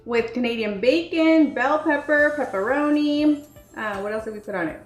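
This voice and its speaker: A high-voiced woman at a moderate pace hosts a laid-back cooking demo from her home kitchen for her channel. She's chatty and teasing, full of fillers, while faint music and kitchen echo fill the recording.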